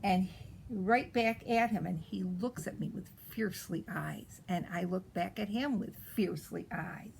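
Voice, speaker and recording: A woman voicing a precocious, spoiled little girl as she reads a storybook in character, with a pert, drawn-out way of stressing words. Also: mid-range voice, gravelly, a little mellow, a little hiss or hum, poor audio.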